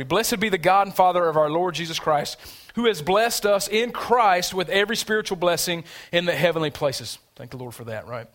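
A man's voice: high-pitched, a bit bright. A man preaching a sermon in a church, conversational and emphatic, drawing the congregation in with questions. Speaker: pastor. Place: church sanctuary.

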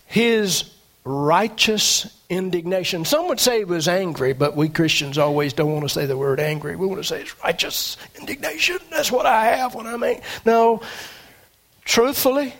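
A man preaching a sermon, animated, with dramatic swings in pitch and loudness.

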